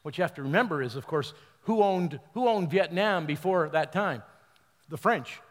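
A man's voice: a little high, animated, normal speed, big-room sound. A man preaching as pastor, retelling a story with quoted voices and leading the congregation in declarations. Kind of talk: sermon. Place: large church hall.

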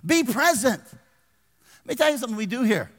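An older man preaching a folksy sermon as pastor, swinging from loud exhortation to hushed asides and calling for amens. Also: very high voice, animated, normal speed. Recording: long reverb of a large hall.

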